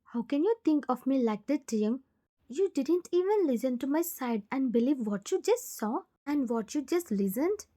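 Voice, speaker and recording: A woman's voice: high voice, lively intonation, normal speed, mellow. A woman voicing a heartbroken young woman who speaks in a tearful, accusing way. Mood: hurt, accusing.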